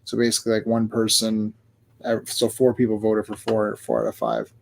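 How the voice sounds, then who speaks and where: A man's voice: lowish voice, big pitch swings, normal speed, creaky. A man hosting a casual wrestling podcast, telling long rambling stories and laughing at himself. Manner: rambling, self-amused storytelling. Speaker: podcast host. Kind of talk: casual chat.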